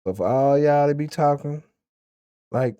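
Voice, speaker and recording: A man's voice: a little high, measured pace, dark tone, clear, resonant tone, no room sound, dull audio. A man with a Memphis Southern accent, ranting and telling a story in a blunt, profane way. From Memphis, USA. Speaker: vlogger. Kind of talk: casual storytelling rant.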